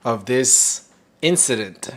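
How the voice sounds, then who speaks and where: A man's voice: mid-range voice, animated, takes it slowly. A man co-hosting a podcast, easygoing, prompting a guest to tell their side. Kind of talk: casual chat.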